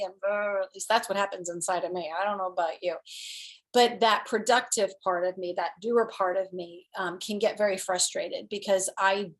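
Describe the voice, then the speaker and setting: Animated, earnest woman coach talking casually. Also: mid-range voice, moderate pace. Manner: animated and earnest, laughing often and acting out her inner voices. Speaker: host and inner-work coach. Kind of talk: casual self-help talk on a live show.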